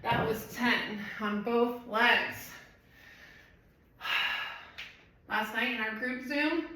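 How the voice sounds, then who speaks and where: A woman's voice: on the high side, very slow, bright, forceful tone. A woman fitness trainer leading a live home workout, chatting and rambling while she counts reps. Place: room at home. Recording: echoey room, voice from far off.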